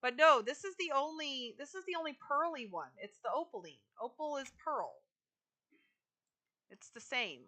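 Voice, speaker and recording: Bright-voiced woman chatting on a game stream. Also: high voice, big pitch swings, moderate pace. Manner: chatty, talks to chat while decorating. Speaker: live streamer. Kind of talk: casual game-stream chat.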